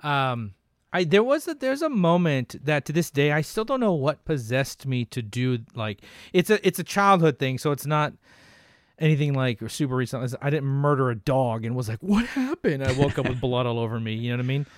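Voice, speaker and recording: A man's voice: mid-range voice, animated, a little fast, clean tone, no echo, studio quality. A man co-hosting a casual podcast, telling stories animatedly with laughs and swearing. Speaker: podcast co-host. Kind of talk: casual chat.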